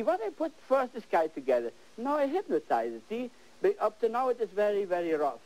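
An older man hosting a TV painting lesson, exuberant and animated, repeating words as he works, on worn 1980s videotape audio. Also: sits high, poor audio. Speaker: painting show host.

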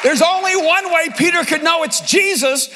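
High, bright-voiced preacher in a reverberant hall. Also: male voice, moderate pace, some chatter behind. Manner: animated, humorous storytelling with sudden shouts. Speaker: pastor. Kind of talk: sermon. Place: large conference hall.

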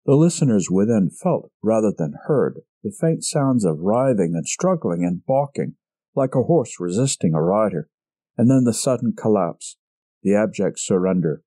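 Man narrating with a lively, mellow voice. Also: fairly low pitch, normal speed, slightly rough, no room sound. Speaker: audiobook reader. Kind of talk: scripted narration of a mystery story.

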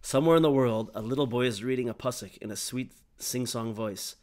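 A man leads a Torah study discussion in a middle-pitched voice, explaining animatedly and restarting often. He checks in with his listener as he goes. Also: a little fast, darkish tone. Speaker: Torah teacher.

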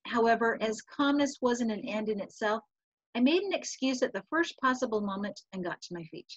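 A woman's voice: a little high, animated, a little fast, no echo. A woman teacher reading a novel passage aloud to her class, then talking it through, with a few slips and restarts. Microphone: video call. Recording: dull, lo-fi video call audio.

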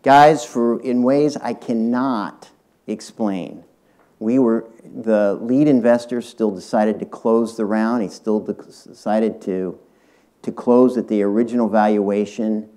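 In a university lecture hall, an older retired tech executive tells a business story directly to his listeners as a public talk. His voice is lowish, slow, steady, and dark in tone.

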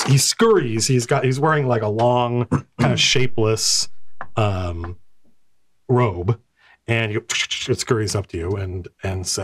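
A middle-aged man narrating a tabletop game as game master, talking in a casual, rambling way with many restarts. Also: medium pitch.

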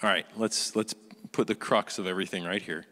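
A man's voice: low voice, fairly even intonation, brisk, sharp tone, in a large hall. A male pastor preaching a sermon, emphatic, often asking the congregation rhetorical questions. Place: church sanctuary.

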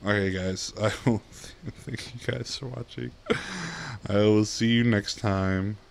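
A man's voice: lowish voice, fairly even intonation, a little slow, vocal fry. A young man giving casual gameplay commentary, giggling and swearing at himself. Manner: giggly, self-mocking, swears often. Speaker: gaming YouTuber.

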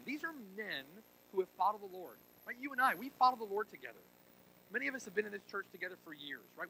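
A male pastor preaching a sermon, swinging between quiet intensity and loud emphasis and tossing in rhetorical asides to the congregation. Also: high-pitched, a little hiss or hum, poor audio.

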